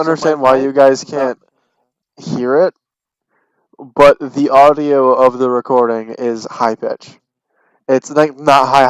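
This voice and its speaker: Puzzled rambling man on a smooth, dry mic. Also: mid-range voice, dry recording, dull audio. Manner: puzzled, rambling, restarts mid-sentence. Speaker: streamer. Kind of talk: casual stream chat.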